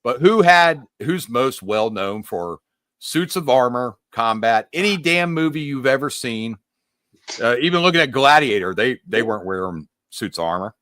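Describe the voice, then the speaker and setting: A man's voice: mid-range voice, animated, moderate pace, a bit bright. A man talks through puzzle clues in loose, emphatic podcast chat, throwing in the odd mild curse as he goes. His voice swings up and down freely. The sound is dry and close, with almost no room echo. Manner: emphatic, rambling, mildly profane. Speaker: podcast co-host.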